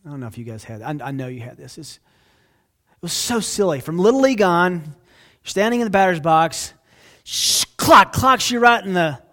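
A male pastor delivers an earnest, conversational sermon, addressing his listeners directly. His voice sits high with lively intonation and a moderate pace, swinging between hushed, soft passages and loud outbursts.

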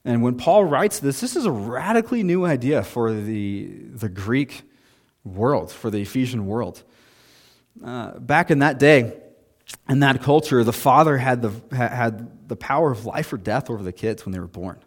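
A man in his thirties delivers a sermon from the pulpit. His pitch sits in the middle of the usual range, and his tone stays conversational. He drops in self-deprecating asides as he goes. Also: normal speed. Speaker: pastor.

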